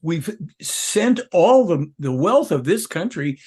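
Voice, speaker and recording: A man's voice: a little high, very animated, slow, darkish tone, slightly rough. A man speaking as an interview guest, rambling and emphatic, jumping from point to point. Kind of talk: casual interview talk.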